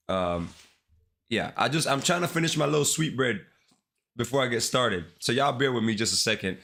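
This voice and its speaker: A man's voice: mid-range voice, lively intonation, moderate pace, creaky, fairly bright tone. A man with a congested, sick-sounding voice chatting casually to his livestream viewers in laid-back slang. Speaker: live-streaming developer.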